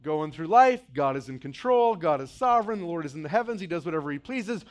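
A middle-aged male pastor preaching a sermon, acting out voices and swinging between loud outbursts and quiet, low passages. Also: animated, quick pace.

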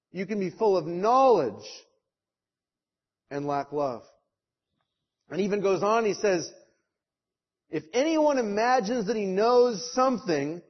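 Emphatic pastor preaching, high voice. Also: male voice. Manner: emphatic, rhetorical, mocking voices he quotes. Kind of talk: sermon. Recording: dull lo-fi sound.

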